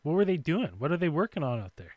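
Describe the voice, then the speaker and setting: A man hosts a call-in show, chatting casually with callers. He is eager and laughs easily. His voice is a little high and recorded dry, right up close. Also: sing-song, fast talker, a little mellow, no room sound. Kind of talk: casual call-in radio chat.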